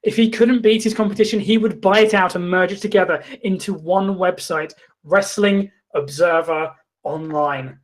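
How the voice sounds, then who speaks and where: Deadpan man, mock-solemn storyteller. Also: high voice, moderate pace. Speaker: comedy host. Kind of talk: mock-documentary comic narration.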